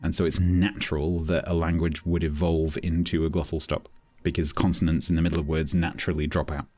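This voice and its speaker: A man's voice: very deep voice, flat delivery, brisk, mellow, no echo. A middle-aged man from London with a London accent, chatting casually with his stream chat, explaining things with many restarts. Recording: faint background music.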